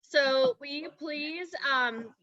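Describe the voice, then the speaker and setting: Bright high-voiced woman hosting a video call. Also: slow, dry recording, highs cut off. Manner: loose, chatty, joking. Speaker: event host. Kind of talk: casual chat over a video call.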